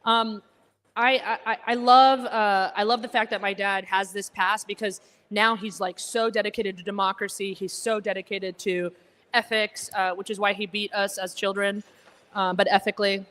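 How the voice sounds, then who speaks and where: A woman's voice: medium pitch, steady tone, normal speed, a bit bright. Woman stand-up, American accent like someone from Connecticut, at a gala, teasing and self-deprecating. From Egypt, raised in Alabama. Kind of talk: stand-up comedy set. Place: banquet hall with a live audience.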